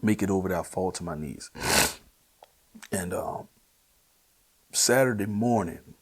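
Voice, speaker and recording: A man with a New Orleans accent telling his personal testimony, earnest and emotional, at times sinking to a hushed near-whisper. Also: low voice, normal speed, pauses often, breathy edge. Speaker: guest sharing his testimony.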